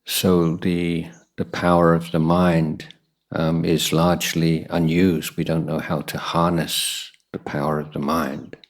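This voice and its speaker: Male monk for a guided meditation talk: very low, even voice, slow and pausing. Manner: unhurried, pausing often with soft fillers. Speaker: Buddhist monk teaching meditation.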